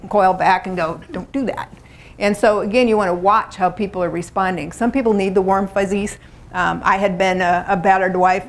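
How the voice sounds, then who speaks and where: A middle-aged woman presenting a workshop to a live room, talking in a chatty, conversational way and acting out little quotes. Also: medium pitch. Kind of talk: live seminar talk to a room.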